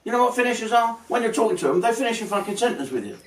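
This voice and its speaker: A man rambles through a comic monologue, swearing and mock-outraged. His voice sits a touch high and swoops all over. He is recorded from a distance in a roomy space. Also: big pitch swings, racing. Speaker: host.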